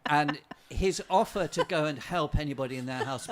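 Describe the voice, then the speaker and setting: A man, a guest playwright, telling anecdotes on a chat show with animated delivery and frequent chuckles. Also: on the high side, fairly quick, hardly any pauses, a little hiss or hum. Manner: animated storyteller, chuckling often.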